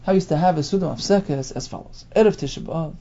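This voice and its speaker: Gravelly man teaching Talmud. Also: fairly high pitch, fast talker, mellow, lo-fi sound. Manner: explains in English phrase by phrase, mixing in Hebrew terms. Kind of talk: Talmud class lecture.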